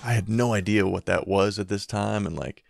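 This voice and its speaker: Low-voiced young man telling a story. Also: normal speed, vocal fry, dry recording, faint music behind. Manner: casual, profane, laughing storytelling. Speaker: vlogger. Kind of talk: storytime vlog.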